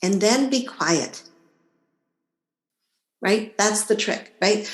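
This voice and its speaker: A woman's voice: medium pitch, very slow, reverberant, poor audio. A woman guest on a podcast interview, explaining her ideas and acting out inner voices along the way. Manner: animated, acts out inner voices. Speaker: body-image coach, guest.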